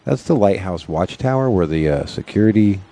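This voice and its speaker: A man's voice: low-pitched, expressive, brisk, mellow, a little hiss or hum. A man, a festival security worker, chatting casually, rambling through stories and swearing freely. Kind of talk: casual chat.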